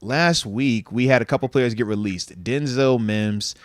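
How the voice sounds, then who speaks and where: A man co-hosting a casual podcast, talking in an energetic, joking, slangy way. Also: medium pitch, measured pace, no echo. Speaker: co-host.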